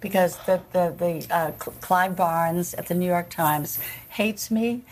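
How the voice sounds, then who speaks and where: A woman hosting a lunch chat in a restaurant, telling a story with many restarts and pauses. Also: lowish voice, a little hiss or hum. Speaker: host. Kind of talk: casual chat over lunch.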